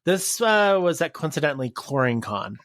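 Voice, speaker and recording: A man's voice: on the high side, sing-song, normal speed, a bit bright, no echo. A man talking as a podcast guest in casual chat, laughing often as he tells stories. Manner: giggly, chatty, storytelling. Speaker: interview guest.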